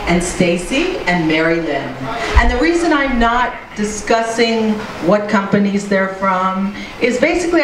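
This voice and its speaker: A woman hosting a cooking show on location in a restaurant, upbeat and chatty. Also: a little high. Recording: roomy, distant and noisy restaurant audio.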